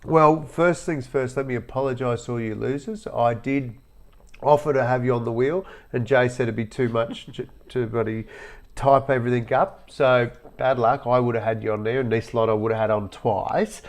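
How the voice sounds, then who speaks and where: A man's voice: mid-range voice, fairly even intonation, moderate pace. A middle-aged Australian man co-hosting a podcast, bantering in a blunt, cheeky way. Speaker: podcast co-host. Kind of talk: casual podcast chat.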